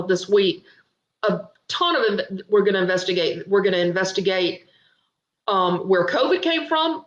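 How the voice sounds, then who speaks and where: A woman with a fairly high voice hosts a political livestream, talking fast and excitedly, pressing her points straight to her viewers. Her voice bounces around an echoey room and comes through a little muffled. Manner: excited, emphatic, addresses viewers directly. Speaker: political commentary host. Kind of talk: Facebook live political commentary. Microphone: webcam or phone on livestream.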